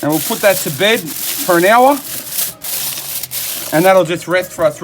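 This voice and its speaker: A man's voice: high voice, expressive, a little slow, background noise. A middle-aged Australian man, a chef, giving an enthusiastic casual cooking demonstration in his backyard and repeating his catchphrases. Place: backyard at home beside a smoker.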